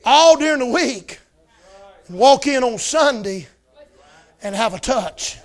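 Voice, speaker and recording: A man preaching a fiery revival sermon in a folksy style, shouting often. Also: very high voice, expressive, slow. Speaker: visiting preacher.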